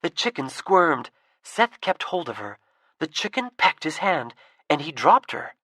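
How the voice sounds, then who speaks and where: Lively woman reading a storybook. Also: sits low, a little slow, breathy edge, dry recording, studio quality. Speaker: audiobook narrator. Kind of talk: storybook narration.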